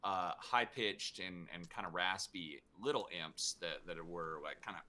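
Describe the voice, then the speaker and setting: Lively low-voiced man, bright tone. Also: slight background noise. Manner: animated, laughing, quick bursts. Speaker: voice actor guest. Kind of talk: casual panel chat.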